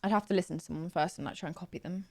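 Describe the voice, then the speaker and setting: A woman's voice: on the low side, racing, gravelly, darkish tone, no room sound, studio quality. A young woman chatting casually on a live stream, playful and talkative. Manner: chatty, playful, trying out accents. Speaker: livestreamer.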